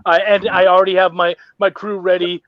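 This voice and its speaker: A man from Canada, an independent comic creator, chatting as a guest on a live stream. He tells stories animatedly, acting out both sides of a pitch, and uses slang like "homie". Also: fairly quick, no room sound. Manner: animated storyteller who acts out both sides of a sales pitch. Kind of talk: casual live-stream chat. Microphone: home mic on a live video stream. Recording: dull lo-fi stream mic.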